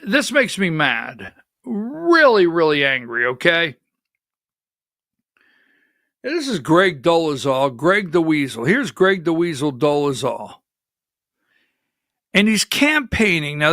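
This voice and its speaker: A man's voice: fairly high pitch, sing-song, a little slow, sharp tone, dry recording, studio quality. A man hosting a live political commentary show, agitated and exasperated, calling out instructions to his producer between remarks. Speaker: political talk show host.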